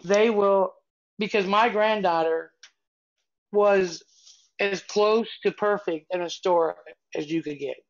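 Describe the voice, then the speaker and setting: A woman's voice: medium pitch, slow pace, pauses often, lo-fi sound. An older woman and podcast co-host, chatty and meandering as she tells a story in casual conversation. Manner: chatty, meandering, with frequent restarts.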